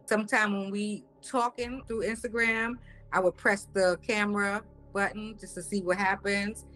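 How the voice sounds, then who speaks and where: A woman's voice: mid-range voice, steady tone, normal speed, a bit bright, faint music behind. A woman casually telling her own story in a conversational, hesitant, doubtful way.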